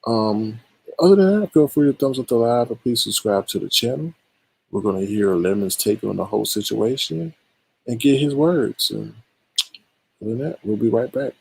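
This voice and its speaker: A man's voice: mid-range voice, moderate pace, gravelly, darkish tone, slightly rough. A man hosting a live stream, giving casual and exasperated commentary on online drama straight to his viewers.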